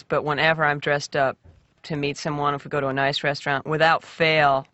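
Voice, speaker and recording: A man's voice: fairly high pitch, sharp tone, dry recording, muffled recording. A man giving a wry, self-mocking comic monologue.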